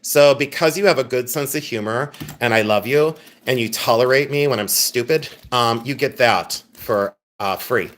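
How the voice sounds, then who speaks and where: Hosting a live jewelry sale, this man jokes, giggles, and pokes fun at himself while talking straight to his audience. He speaks at a normal pace with few pauses, in a medium-pitched, slightly bright voice.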